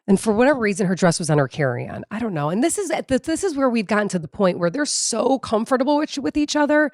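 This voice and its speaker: A woman co-hosting a podcast, telling a story in a dramatic, profane, animated way. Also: fairly high pitch, fairly quick, no echo, clean studio sound. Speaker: podcast co-host. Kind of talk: casual storytelling chat.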